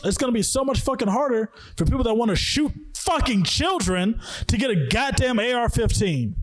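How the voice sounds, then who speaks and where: A man's voice: high-pitched, animated, a little fast, few pauses. A young man hosting a podcast, ranting angrily about the news with heavy swearing and emphatic outbursts. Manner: heated, profane, emphatic. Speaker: podcast host. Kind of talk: angry news rant.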